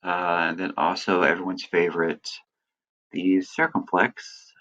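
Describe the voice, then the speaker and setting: Low-voiced guy explaining grammar to students, laid back, muffled recording. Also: unhurried, a little hiss or hum. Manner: relaxed, explanatory, with frequent "uh" and "right". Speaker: Greek teacher. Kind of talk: recorded lecture.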